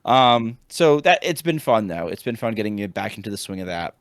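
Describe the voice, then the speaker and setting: A man in his thirties from the United States, a teacher co-hosting a podcast, telling a casual story in a rambling, animated way with many restarts. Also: fairly low pitch, brisk, no room sound, clean studio sound. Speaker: podcast co-host, high school teacher. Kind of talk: casual chat.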